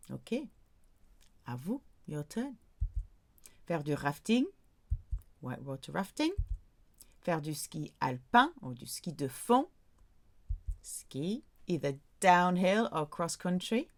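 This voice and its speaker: A woman teaching a French lesson, speaking slowly and deliberately as she drills vocabulary. Her voice sits low for a woman. Each word is set out clearly, with room to repeat it. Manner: slow, deliberate drilling of words. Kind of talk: language lesson.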